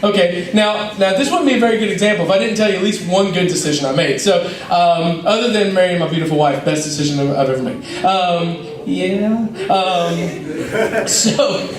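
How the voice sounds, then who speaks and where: Young man, high voice, youth minister, animated self-mocking storytelling, roomy hall. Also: moderate pace. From North Georgia, USA. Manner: lively, self-mocking storyteller who acts out scenes. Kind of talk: youth service talk with personal stories. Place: church hall. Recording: roomy hall, mic at a distance.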